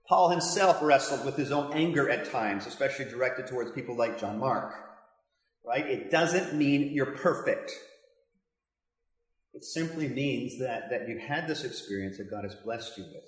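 His voice is mid-range and expressive, moving at a normal speed, as the older pastor delivers an impassioned, conversational Bible teaching with remarks aimed at his listeners. The sound bounces around a very reverberant hall.

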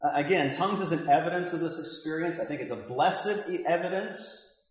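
A man's voice: a little high, fairly quick. An older man, a pastor, giving a passionate, conversational Bible teaching with asides to his listeners. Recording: very echoey hall reverb.

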